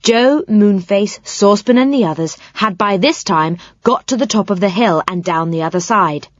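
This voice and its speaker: A woman narrating a children's audiobook with expressive, animated storytelling. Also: mid-range voice, normal speed, no echo, highs cut off.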